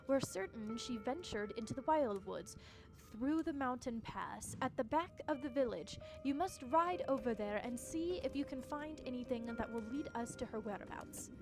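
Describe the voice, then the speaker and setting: Woman doing a formal secretive spymaster. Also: high-pitched. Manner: measured, formal. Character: secretive spymaster hiding in shadows. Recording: game music behind.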